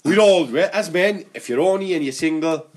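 A man's voice: fairly high pitch, a little fast, heavy background noise. A man hosting a podcast, swearing a lot and laughing through crude banter. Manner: swears often, laughs through his lines. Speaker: podcast host.

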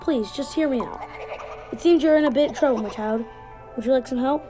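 A woman voicing a gentle, coaxing guardian spirit that speaks from a charm in a video game. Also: sits high, brisk, over music, close to an everyday voice.

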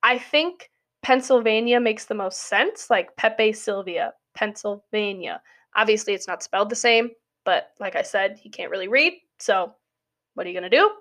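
Chatty young woman with a higher voice. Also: expressive, normal speed, fairly bright tone. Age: young adult. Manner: chatty, giggly, full of "like" fillers. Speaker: student giving a spoken essay. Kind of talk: casual monologue.

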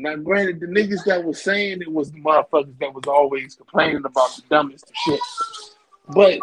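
High-voiced ranting man. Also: rough recording. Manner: blunt, profane, emphatic ranting. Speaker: podcast co-host. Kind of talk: casual wrestling chat.

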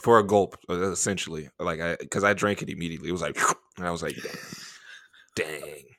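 Low-voiced man telling a story. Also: fast, no echo, studio quality. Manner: animated, acts out quotes with laughs and whispers. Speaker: podcast host. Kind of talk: casual storytelling chat.

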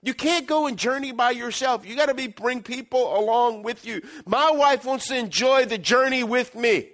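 A middle-aged male pastor preaching an animated sermon, acting out little scenes and swinging between loud and quiet. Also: very high-pitched, a little fast, hardly any pauses.

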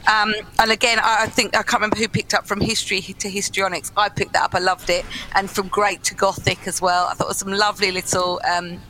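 A woman's voice: mid-range voice, level tone, fast, few pauses, pushed and bright, slight background noise, rough recording. A woman giving effusive spoken feedback on a story, repeating herself with frequent restarts. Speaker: guest reviewer. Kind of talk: casual critique chat.

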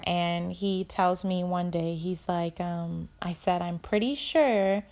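Woman vlogger with a gravelly voice, chatty and animated, acting out quotes. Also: lowish voice, takes it slowly, dry recording. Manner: chatty, animated, quoting others with lively voices. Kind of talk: casual storytelling to viewers.

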